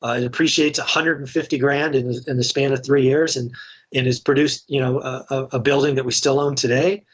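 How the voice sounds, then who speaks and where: Middle-aged man, slightly breathy voice, frank and chatty interview guest. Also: mid-range voice, fairly even intonation, a little fast. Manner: candid, conversational, many restarts. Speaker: real estate investor and guest. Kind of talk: casual podcast interview storytelling.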